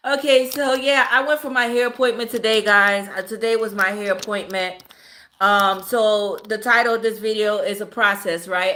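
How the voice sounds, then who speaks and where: A woman's voice: medium pitch, bright, forceful tone. A woman hosting a casual livestream, greeting viewers by name, chatty and profane, laughing often. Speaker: livestream host. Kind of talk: casual live-stream chat.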